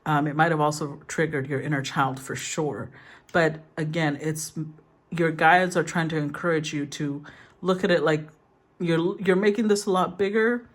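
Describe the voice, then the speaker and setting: A woman's voice: low-pitched, steady tone, normal speed. Soothing woman reading tarot aloud. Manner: soothing, thinks aloud and rephrases. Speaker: tarot reader.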